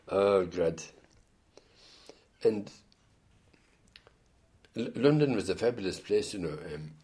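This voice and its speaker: A man's voice: on the low side, expressive, very slow, long pauses, darkish tone. An older man with an Irish accent telling rambling stories in an oral history interview, full of hesitant restarts. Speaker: interviewee, former band musician.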